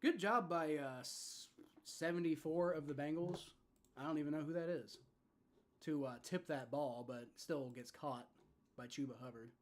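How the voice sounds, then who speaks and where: Young man, fan reaction stream, play-by-play, swearing, frustrated, higher voice. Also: normal speed, a little hiss or hum. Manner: frustrated, swears, swings from muttering to shouting. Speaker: livestream reaction host.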